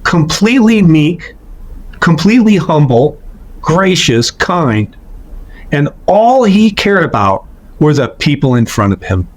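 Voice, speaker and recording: Male witness, slow and emphatic, with a swinging melodic delivery. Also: on the high side, sing-song. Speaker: near-death experience witness. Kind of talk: earnest testimony.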